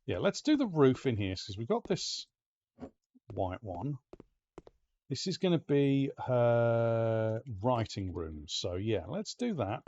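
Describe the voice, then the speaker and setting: A man with an Ulster Scots accent chats his way through a game, muttering to himself and tossing in the odd swear. His pitch swoops up and down, and the recording sounds a bit dull and lo-fi. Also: sing-song, slow, a little mellow. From Northern Ireland. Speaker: game streamer. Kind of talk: casual let's-play commentary.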